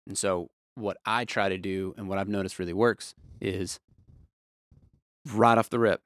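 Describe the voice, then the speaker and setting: A man who works as a production manager, talking candidly in a casual interview and telling animated stories with some casual swearing. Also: low-pitched, a little slow, clear, resonant tone, no echo. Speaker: production manager at a music venue.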